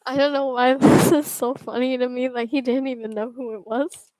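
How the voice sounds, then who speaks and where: A woman's voice: sits high, little pitch movement, moderate pace, darkish tone, no room sound, poor audio. A young woman casually commenting while playing a story game, giggly and chatty.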